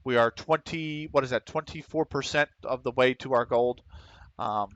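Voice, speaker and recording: A man with a Philadelphia accent giving casual commentary while streaming a game, talking quickly and running his words together, often clearing his throat. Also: mid-range voice, a bit bright, dry recording, lo-fi sound. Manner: fast, runs words together.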